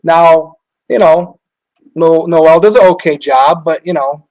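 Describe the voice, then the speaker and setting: A man's voice: on the high side, slow pace, darkish tone, rough recording. A man filling in as co-host in a casual chat, earnest and self-deprecating.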